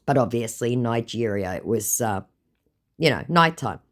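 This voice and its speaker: A woman's voice: rumbling low, animated, normal speed. A woman with an Australian accent, casually and bluntly telling stories to camera as a scam-baiting vlogger. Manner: sarcastic, blunt, reads chats aloud.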